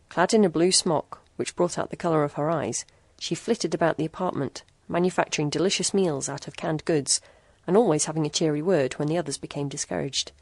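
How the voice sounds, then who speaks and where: Brief: woman storybook narrator, low and gravelly, steady measured reading, dry close sound. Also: no echo.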